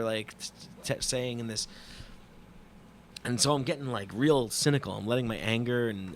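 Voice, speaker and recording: A man hosting a podcast, telling a travel story in a casual, animated and profane monologue that mocks himself. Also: medium pitch, slight background noise. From New York. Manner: profane, animated, self-mocking retelling.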